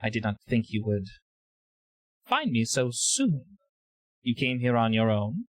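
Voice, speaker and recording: A man voicing an eerie, faceless male alien entity who speaks in slow, cryptic phrases. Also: medium pitch, big pitch swings, no room sound.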